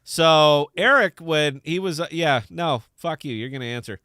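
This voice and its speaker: A man's voice: on the high side, moderate pace, a bit bright, dry recording, clean studio sound. Brash, profane male podcast host. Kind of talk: casual unscripted chat.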